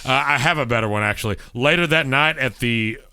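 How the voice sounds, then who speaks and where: A man's voice: medium pitch, a little fast, sharp tone, clean tone, dry recording, studio quality. A man hosting a podcast, telling rambling stories in casual chat with lots of fillers and restarts. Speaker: podcast host.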